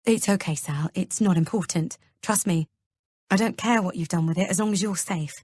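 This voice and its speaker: Woman doing a soft worried husband, hesitant, lowish voice, dry close read. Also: normal speed, husky, dry recording. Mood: earnest. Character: gentle worried husband, young father. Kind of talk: audiobook character reading.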